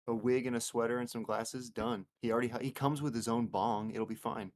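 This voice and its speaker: A man co-hosting a casual podcast, throwing in dry, quick one-liners during crude banter. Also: mid-range voice, steady tone, slight background noise. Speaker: podcast co-host.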